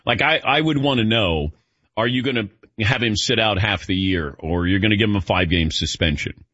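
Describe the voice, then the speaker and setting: A man's voice: on the low side, brisk, sharp tone, breathy edge, no echo, lo-fi sound. A man hosting a sports call-in radio show, talking casually with callers in a conversational, chatty way.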